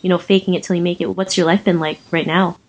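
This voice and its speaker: A woman's voice: on the low side, little pitch movement, fast, lo-fi sound. A woman hosting a podcast interview, encouraging her guest in a chatty way with many fillers. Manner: warmly encouraging, many "you know" fillers. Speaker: podcast host.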